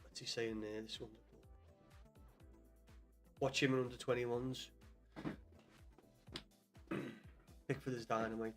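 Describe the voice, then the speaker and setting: A man's voice: medium pitch, flat delivery, takes it slowly, long pauses, faint music behind. A young man with a Scouse accent chatting casually on a live stream about football, swearing often and calling viewers lad. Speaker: livestream host.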